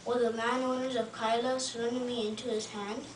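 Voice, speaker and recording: A woman's voice: a little high, flat delivery, fairly quick, slight background noise, natural voice. A woman reading as earnest praying David, echoey and distant. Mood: pleading. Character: David, a man pleading in prayer. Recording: roomy, distant mic, faint ambience.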